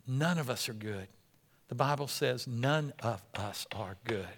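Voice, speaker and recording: A man preaching a sermon, acting out whispered voices and dialogue between loud, emphatic passages. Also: mid-range voice, normal speed. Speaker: pastor.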